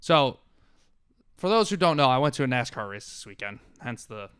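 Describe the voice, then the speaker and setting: A man's voice: mid-range voice, sing-song, moderate pace, fairly bright tone, clean tone, no room sound. A man co-hosting a sports podcast, telling stories animatedly with lots of fillers in a studio. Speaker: podcast co-host. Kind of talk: casual chat.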